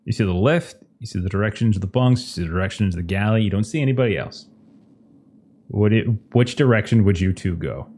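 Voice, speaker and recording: Low-ish guy running a sci-fi tabletop game, laid back, lots of uhs and you knows. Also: quick pace, slightly rough. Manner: relaxed, descriptive narration with fillers. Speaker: game master.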